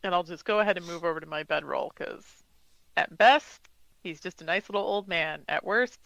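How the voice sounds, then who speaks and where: Gravelly, bright game player. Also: mid-range voice, normal speed, no echo, low-quality recording. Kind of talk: casual tabletop play.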